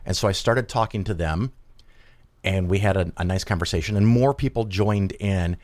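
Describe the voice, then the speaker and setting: A man's voice: deep voice, moderate pace, darkish tone, no room sound. A man hosting a show, chatting casually and rambling with lots of fillers and restarts. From Chicago area, United States. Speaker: podcast host. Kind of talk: casual chat.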